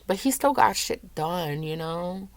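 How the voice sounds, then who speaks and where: A young woman vlogging at home, low and teary, rambling with lots of "like". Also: expressive, measured pace, vocal fry, no echo. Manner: rambling, says "like" often. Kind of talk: casual confessional vlog.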